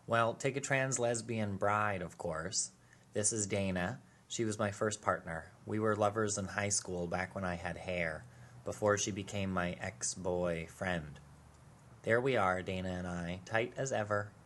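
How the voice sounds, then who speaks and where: A man narrates a short film he made, his voice sitting fairly low. He delivers the voice-over with a wry, dry humor. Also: a bit bright.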